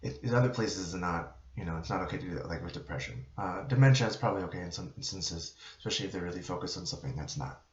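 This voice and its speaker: A man teaching students about nursing in a relaxed, conversational way. He uses frequent fillers and tag questions as he explains. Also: low-pitched, rapid-fire, few pauses. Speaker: psychiatric nurse instructor. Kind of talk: informal lecture to students. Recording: roomy, dull lo-fi recording.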